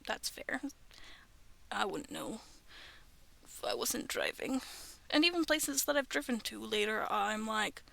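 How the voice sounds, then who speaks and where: A woman in her thirties reading scary stories aloud from home, breaking off for chatty, self-aware asides and soft whispered remarks. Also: a little high, very animated, a little slow, vocal fry, pauses often. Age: 30s. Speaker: streamer reading online stories. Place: bedroom at home.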